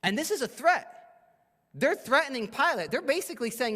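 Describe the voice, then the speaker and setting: A man's voice: very high voice, sing-song, fairly quick, bright, forceful tone. A man pastor preaching a sermon, explaining a Bible passage and briefly acting out the people in it. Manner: expository preaching, acts out quoted speakers. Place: church sanctuary. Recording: long church hall reverb.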